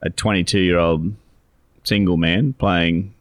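A man's voice: low voice, steady tone, slow, no echo, clean studio sound. A middle-aged Australian man co-hosting a podcast, telling a meandering story in casual chat. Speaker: podcast co-host, financial adviser.

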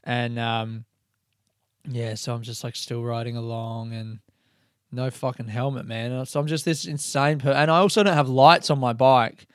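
A man's voice: medium pitch, fairly even intonation, normal speed, no room sound, studio quality. A young man hosting a podcast alone, telling a rambling story in a casual way, swearing freely and laughing at himself. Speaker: podcast host.

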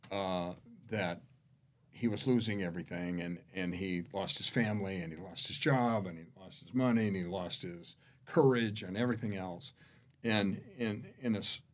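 A man with a fairly low voice tells stories as a podcast guest. He drops to hushed tones and then rises to emphatic points. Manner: animated anecdote-teller, shifting between hushed and emphatic. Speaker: podcast guest, real estate executive. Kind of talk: conversational storytelling.

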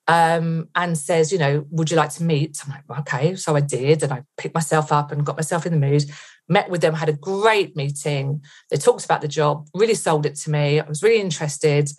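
A woman's voice: deep voice, moderate pace. A middle-aged woman from England, a podcast guest, retelling a tense story vividly with quoted thoughts.

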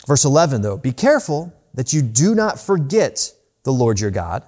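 A man preaching a sermon as pastor, rising and slowing down to stress the scripture he reads. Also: mid-range voice, big pitch swings, a little mellow. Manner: earnest preaching, rises and slows to stress scripture. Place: church.

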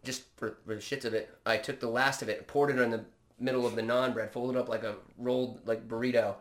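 A man telling stories in a casual chat, animated and swearing freely. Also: mid-range voice, brisk.

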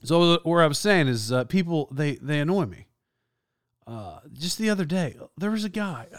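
A man's voice: a little high, animated, moderate pace, no echo, clean studio sound. A man hosting a podcast, telling comic stories in an exasperated, rambling way that keeps interrupting itself. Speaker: podcast host. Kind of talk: comedic storytelling monologue.

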